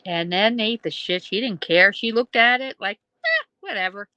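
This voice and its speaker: A woman's voice: medium pitch, normal speed, bright, forceful tone, no room sound, low-quality recording. A woman hosting a casual livestream, rambling between thoughts, laughing often and swearing freely. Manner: laughs often, swears, trails off mid-sentence. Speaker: livestream host.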